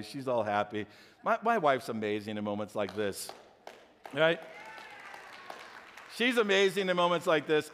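This middle-aged pastor is mid-sermon, telling a personal story for laughs and speaking straight to the congregation in an animated way. His mid-range voice carries a long reverb tail through the church sanctuary.

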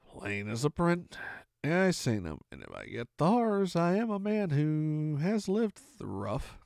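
A feeble old sea captain , as a man reads him aloud, drawls in slow, gruff sailor talk and pleads for drink. The gravelly voice rolls up and down. The sound is dry and close. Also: on the high side, wildly swooping pitch, darkish tone, dry recording, exaggerated voice. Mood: pleading. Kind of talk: audiobook reading.

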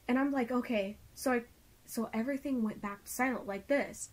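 Young woman, fairly high voice, casual storytelling, constant "like", earnest and excited. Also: fairly quick. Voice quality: filler-heavy, says "like" constantly.

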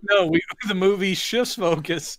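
A man's voice: high voice, normal speed, dry recording. A man chats about a movie with a friend, tossing in wry, joking remarks. His voice sits a bit above the usual male range. The sound is dry and close, with no room around it. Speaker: podcast co-host. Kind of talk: casual movie recap chat.

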